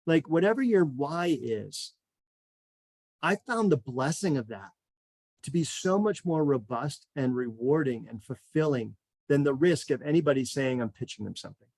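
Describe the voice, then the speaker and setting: A man hosting a real estate webinar, talking in an energetic, repetitive motivational way and a little out of breath. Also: a little high, moderate pace, no echo. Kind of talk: enthusiastic webinar pitch.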